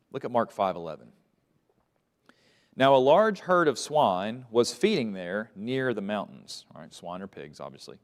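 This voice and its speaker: A man's voice: fairly low pitch, sing-song, moderate pace. A man teaching a Bible lesson to a class, asking questions and letting them fill in the answers. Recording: long reverb of a large room.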